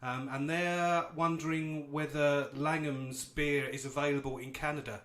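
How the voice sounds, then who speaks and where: A man's voice: fairly high pitch, fairly even intonation, unhurried, fairly bright tone. Man, host, hesitant, lots of ums, roomy echo. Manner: hesitant, full of ums and uhs. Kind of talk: reading out chat greetings on a livestream.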